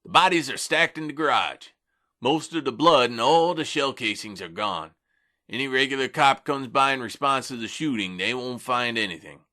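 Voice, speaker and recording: Narrator doing a blunt, unflappable fixer. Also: male voice, medium pitch, lively intonation, normal speed, bright, forceful tone, voice pushed up. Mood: matter-of-fact. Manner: blunt, matter-of-fact. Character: practical, unflappable male gang fixer. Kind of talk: audiobook reading.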